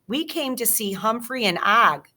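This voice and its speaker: A timid schoolgirl from a children's book who speaks softly, as a woman reads her lines. She talks slowly, with a bright, clear tone. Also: a little high, animated, full character voice. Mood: shy. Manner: soft, quiet. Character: shy soft-spoken schoolgirl.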